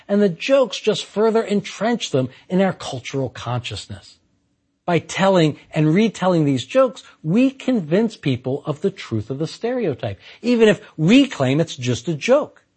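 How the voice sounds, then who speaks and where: A male philosophy lecturer with a fairly high, husky voice that swings widely in pitch. He delivers a scripted lecture emphatically, with flashes of dry humor. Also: a little mellow.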